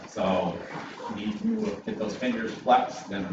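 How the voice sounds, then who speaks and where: A man, a guest preacher, opening a sermon with an animated, self-mocking personal story. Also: mid-range voice, measured pace, creaky, noisy background. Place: church sanctuary. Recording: distant, muffled, echoey church hall with ambience.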